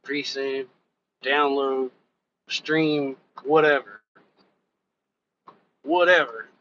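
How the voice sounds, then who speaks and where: Bright-voiced man rambling on a live stream. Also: medium pitch, steady tone, drawn-out words. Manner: loose, rambling, curses casually, talks straight to viewers. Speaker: reaction channel host and rapper. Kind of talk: casual live-stream chat. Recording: dull lo-fi sound with faint background noise.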